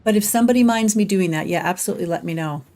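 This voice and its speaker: A woman's voice: mid-range voice, very fast, a little mellow, soft background music. A middle-aged woman chatting casually while streaming a game, laughing often and reading chat aloud. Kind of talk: casual gameplay livestream chat.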